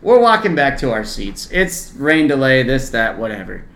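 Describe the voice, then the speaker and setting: A man's voice: mid-range voice, big pitch swings, normal speed. A young man co-hosting a podcast, telling stories in casual chat with sarcasm and swearing. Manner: sarcastic, loud mocking heckler voices in stories, swearing. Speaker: podcast co-host. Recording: roomy echo.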